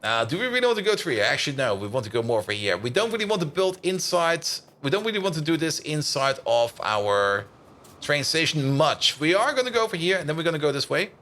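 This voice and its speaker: A man's voice: a little high, big pitch swings, quick pace, sharp tone. A man giving casual, rambling commentary as he streams a building game, thinking aloud and chatting with viewers, full of "like" and "uh". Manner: thinks aloud while building, answers chat.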